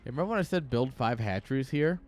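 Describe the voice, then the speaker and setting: A young man commenting live on an esports match in an excitable, joking way, talking straight to his chat. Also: medium pitch, fast talker, faint music behind. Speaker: game caster.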